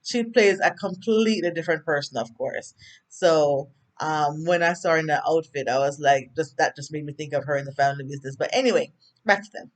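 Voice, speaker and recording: A woman's voice: low-pitched, a little fast. A woman with a Jamaican accent, casually recapping a TV episode, chatty and prone to tangents, acting out the characters' lines. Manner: chatty, rambling, goes off on tangents; acts out characters' lines while retelling. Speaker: TV recap vlogger.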